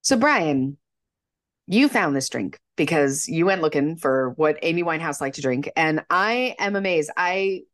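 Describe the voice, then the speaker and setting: A woman with a lowish voice co-hosts a casual podcast. Her pitch swings widely as she talks, and she jokes at her own expense. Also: a little slow. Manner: animated, chatty, self-deprecating. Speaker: podcast co-host. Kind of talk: casual chat.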